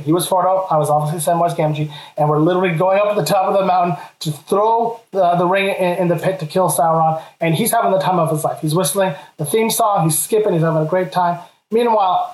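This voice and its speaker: Lively man telling a funny story. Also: high voice. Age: 30s. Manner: lively, laughs through his own story. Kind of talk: comedic personal storytelling. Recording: roomy echo.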